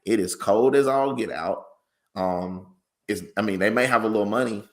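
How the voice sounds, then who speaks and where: A tired man co-hosting a casual sports talk show, talking in a measured, conversational way. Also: fairly low pitch.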